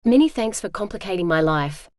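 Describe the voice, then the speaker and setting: A woman's voice: mid-range voice, lively intonation, fairly quick, no echo, studio quality, lightly acted. A synthetic female voice reading a blunt, demanding woman's lines in an audiobook, reproachful in tone. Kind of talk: digitally narrated audiobook.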